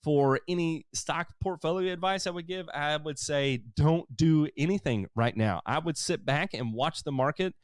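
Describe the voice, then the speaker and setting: A man's voice: on the high side, moderate pace, few pauses, dry recording, clean studio sound. A man hosting a lawn care livestream, casually reading and answering viewer comments with jokes. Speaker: lawn care show host.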